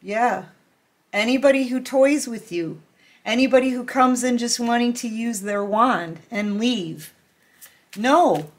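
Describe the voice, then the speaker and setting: Woman doing a tarot reading, talks slow and drawn out, chatty, keeps repeating herself. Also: a little high. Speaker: tarot reader. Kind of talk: casual tarot reading to camera.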